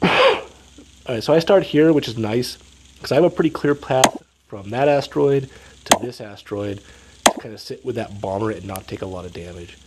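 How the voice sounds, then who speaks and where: A man's voice: mid-range voice, a little fast, a little hiss or hum, poor audio. A man with a stuffed-up, sniffly voice gives casual gameplay commentary, explaining each move step by step. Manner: analytical, explaining moves step by step. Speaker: strategy game commentator.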